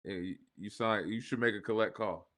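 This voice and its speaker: A man's voice: on the low side, a little fast, a bit bright. A man co-hosting a live podcast, a parent mixing sincere reflection with jokes. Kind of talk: casual live podcast banter.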